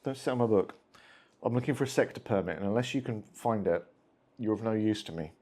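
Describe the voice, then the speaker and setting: A man's voice: fairly low pitch, fast, a little mellow. A man hosting a solo tabletop wargame session, chatting casually and talking to his cats between dice rolls. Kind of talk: casual play-through commentary.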